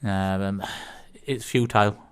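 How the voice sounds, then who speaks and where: A man's voice: fairly low pitch, steady tone, slow pace, clean tone. Rambling English man telling jokes. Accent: Northern English. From England. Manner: rambling, hesitant, full of fillers. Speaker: radio co-host. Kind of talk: casual radio chat telling jokes. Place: community radio studio.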